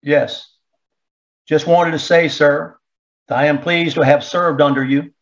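A man's voice: on the high side, steady tone, a little slow, dull audio. A man reading the part of a wounded army lieutenant, tired and plain-spoken. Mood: weary. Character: wounded young army lieutenant, weary, gentle.

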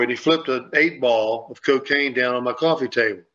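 A man's voice: mid-range voice, a little fast, sharp tone. A man on a sports radio show, rambling and repeating himself as he tells a story and acts out what people said. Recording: dull lo-fi sound.

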